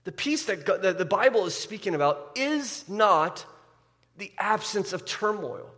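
Pastor guy preaching, voice a bit high, stumbles and repeats, gets loud and high on the big points, long hall echo. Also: lively intonation, a little slow, long pauses. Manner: repeats words when building emphasis, rises loud and high at key points. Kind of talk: sermon.

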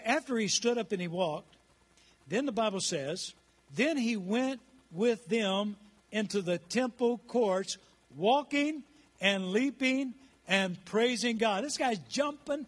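High-voiced older man preaching. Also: expressive, measured pace. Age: 60s. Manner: rousing, calls the congregation to respond. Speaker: pastor. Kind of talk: sermon. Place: church.

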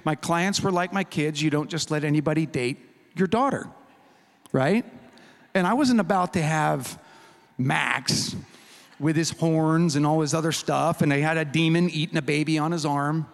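A man preaching a sermon as a humorous, animated storyteller who acts out the people in his story. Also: on the high side, moderate pace. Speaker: pastor. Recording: reverberant hall recording.

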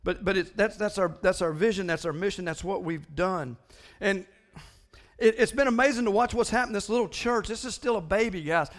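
Male pastor, high voice, animated and stumbling sermon delivery. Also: brisk. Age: older than most listeners. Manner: animated, repeating words in bursts.

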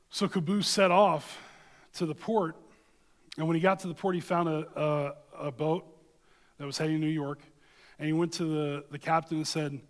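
Earnest male preacher in a reverberant hall. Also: fairly high pitch. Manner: earnest, emphatic, addresses listeners with "okay?". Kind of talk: sermon with storytelling.

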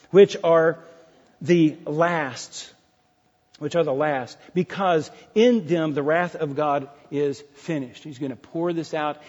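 A middle-aged male pastor preaches with a husky, slightly raised voice, hammering his points by repeating them and slipping into chatty asides. The recording is dull and lo-fi, with a long reverb from a church sanctuary. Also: a little high, darkish tone. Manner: emphatic, repeats key phrases, conversational asides to the congregation. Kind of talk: sermon.

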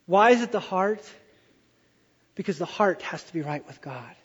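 High-voiced, hyperbolic man preaching in a hall. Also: moderate pace, breathy edge. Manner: animated, exaggerating storyteller. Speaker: pastor. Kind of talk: sermon. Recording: dull sound with long hall reverb.

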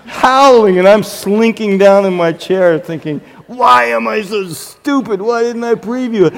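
Self-mocking pastor in an echoing hall. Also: male voice, high-pitched. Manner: self-deprecating, animated anecdotes. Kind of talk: humorous sermon storytelling. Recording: reverberant hall.

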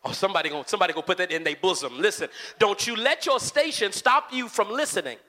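A man preaching a fervent, animated sermon, repeating phrases for emphasis. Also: high-pitched, fast talker. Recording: long church reverb.

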